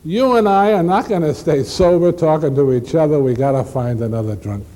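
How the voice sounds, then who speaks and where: Rich: An eager older doctor, put on by a man, raised in pitch and upbeat. He speaks with a mellow, dark tone. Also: fairly quick, lightly acted.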